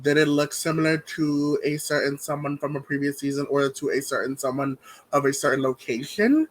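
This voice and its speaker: A man's voice: a little high, a little fast. A man co-hosting a casual podcast, chatty and hesitant, with frequent fillers. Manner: hesitant, lots of ums, chatty. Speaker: podcast co-host.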